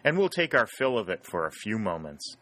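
Male reader as a commanding army officer, bright and forceful, slightly low. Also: sing-song, brisk.

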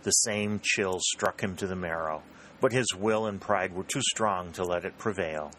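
A man narrating a historical novel in a steady, even storytelling manner. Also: sits low, moderate pace, slight background noise, low-quality recording. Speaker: audiobook narrator. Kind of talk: scripted narration.

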